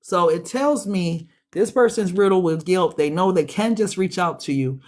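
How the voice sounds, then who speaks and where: A woman's voice: fairly low pitch, moderate pace, a little mellow. A woman giving a casual tarot reading, chatty and slangy, speaking straight to her listeners and sounding a bit stuffy. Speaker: tarot reader.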